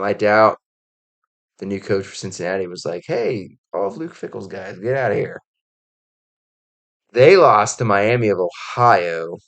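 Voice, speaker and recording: A man giving casual college football commentary, rambling with lots of "like" and "um" and acting out quotes as he goes. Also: lowish voice. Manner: rambling, heavy on "like" and "um" fillers; animated storytelling with acted-out quotes. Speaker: college football podcast host.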